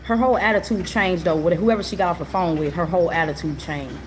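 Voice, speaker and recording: A woman with a lowish voice tells a story from her own life in casual conversation. She talks earnestly and circles back over her points, often checking that the listener is following. Clear background noise runs under her voice. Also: fast. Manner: earnest and repetitive, often asks the listener "you know what I'm saying?". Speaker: live stream host.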